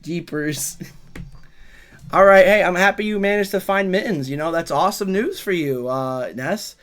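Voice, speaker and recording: A man's voice: high voice, normal speed, a bit bright, faint music behind. A man around thirty streaming a video game, casually chatting and teasing back as he reads and answers his viewers' messages. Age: 30s. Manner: playful, teasing, reads and answers chat aloud. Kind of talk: casual livestream chat while gaming.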